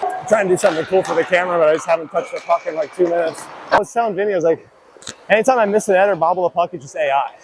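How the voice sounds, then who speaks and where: Brief: young male college skater, high-ish voice, out of breath, rambling self-mocking chatter, body mic, noisy rink. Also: racing. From Ohio, US. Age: young adult. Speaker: college hockey player. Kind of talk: casual mic'd-up practice commentary. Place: indoor ice rink. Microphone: wireless body mic worn while skating.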